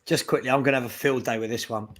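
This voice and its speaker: A man's voice: medium pitch, fairly even intonation, racing, fairly bright tone. A man co-hosting a live football fan show, talking animatedly and calling out trolls in the chat. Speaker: co-host.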